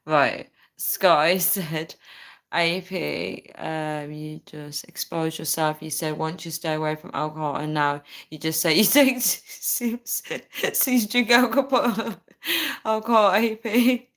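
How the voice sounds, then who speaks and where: A woman's voice: low-pitched, slow pace, a bit bright. A young woman chatting casually to her viewers, telling a story and reading comments, often adding "right?" and "guys" and laughing. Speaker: vlogger reading live chat.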